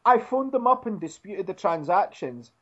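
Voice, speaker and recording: A man recounting a story in casual chat, relaxed and halting. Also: high voice, muffled recording.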